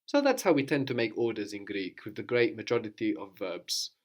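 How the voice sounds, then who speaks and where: A man's voice: fairly low pitch, sing-song, fairly quick. A man teaching a guided language lesson, patiently prompting a student with questions and often checking with "no?".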